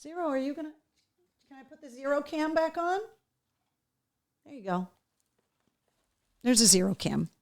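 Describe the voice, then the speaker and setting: A woman's voice: high-pitched, moderate pace, long pauses. A woman hosting a live talk show, chatting casually while opening gifts and cooing at a dog. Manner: animated, coos and baby-talks to a dog.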